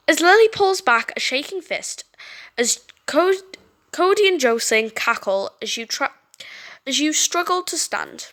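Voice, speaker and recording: A woman reading a story game aloud, animated and stumbling over words now and then. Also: fairly high pitch, normal speed. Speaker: game streamer.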